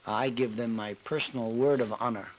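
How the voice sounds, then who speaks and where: A man's voice: medium pitch, steady tone, fairly quick. A man telling an emotional personal story as a guest on a television panel show. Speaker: celebrity guest. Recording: dull 1961 TV broadcast with hiss.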